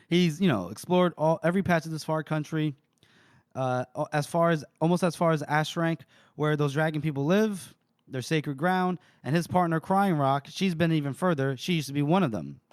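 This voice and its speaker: A man's voice: a little high, moderate pace, dry recording, clean studio sound. A man co-hosting a podcast, casually retelling a novel's plot with frequent laughs and loose fillers. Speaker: podcast co-host. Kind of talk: casual book recap.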